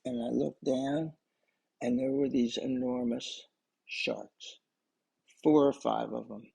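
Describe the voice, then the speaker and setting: A man's voice: medium pitch, steady tone, takes it slowly, gravelly, a little mellow, husky, poor audio. An older man telling a personal story in a casual, rambling way, often restarting and adding asides. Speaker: storyteller recording memories for his grandchildren.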